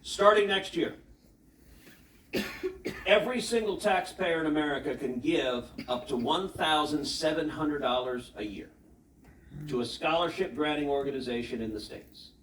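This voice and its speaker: A man's voice: on the high side, moderate pace, fairly bright tone. A man, a senator, giving an emphatic public keynote speech with rhetorical questions and anecdotes, heard in a large hall. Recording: echoey hall, voice from far off, faint noise.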